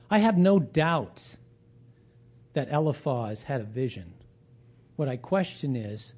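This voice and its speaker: A man preaching a sermon, reading and retelling scripture, whose voice rises for quoted speeches and drops low for his asides. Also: mellow, breathy edge.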